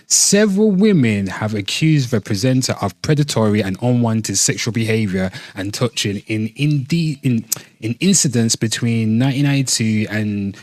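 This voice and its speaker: A man from Britain with a fairly low voice reads a news article aloud in a casual reaction video. He keeps breaking off to swear and to talk straight to his viewers. The recording is dry and close. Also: dry recording. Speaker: commentary host.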